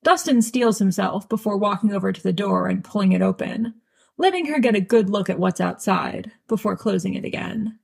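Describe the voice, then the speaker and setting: A woman's voice: medium pitch, fairly quick, creaky, darkish tone, husky. A woman reading a fan audiobook aloud with wry, dry storytelling. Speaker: audiobook reader.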